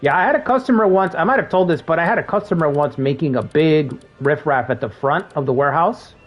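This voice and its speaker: A man's voice: a little high, quick pace, soft background music. Laid-back man commenting on gameplay. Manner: laid-back, swears freely, laughs at jokes. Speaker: gaming streamer. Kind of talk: casual gameplay commentary with storytelling.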